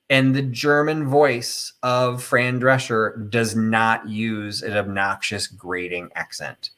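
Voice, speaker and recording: A man's voice: medium pitch, fairly even intonation, slow, hardly any pauses, bright, forceful tone. A middle-aged man hosting a casual live chat, telling a rambling, opinionated story full of fillers and tangents. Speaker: host of a live chat stream.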